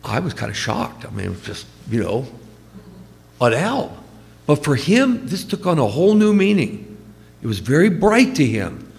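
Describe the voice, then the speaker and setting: Priest, male, gravelly, conversational storyteller, church with long reverb. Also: a little high, sing-song, moderate pace, darkish tone. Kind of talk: funeral homily.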